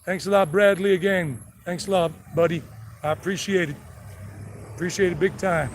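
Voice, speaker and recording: Chatty high-voiced man with a mixed Southern and New York accent. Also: fairly even intonation, moderate pace. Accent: mixed South Carolina and New York. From United States. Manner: chatty and rambling, reading chat messages while walking. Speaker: live-stream walking tour guide. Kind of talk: casual live-stream walking tour. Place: outdoors on city streets, traffic passing. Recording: faint street traffic noise.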